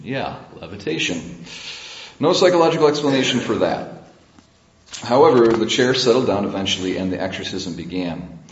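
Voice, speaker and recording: Priest, low voice, preaching a sermon, storytelling with emphatic build-ups, echoey church sound. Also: male voice. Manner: storytelling with rising emphasis and pauses. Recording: echoey, dull church recording.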